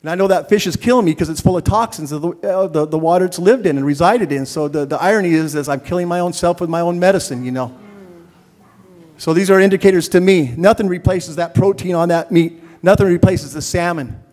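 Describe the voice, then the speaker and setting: An older man, a tribal elder, pleads earnestly with the audience from a panel in an event hall after a screening, tripping over repeated words. He speaks fairly quickly in a high, slightly mellow voice, picked up off-mic in the roomy hall.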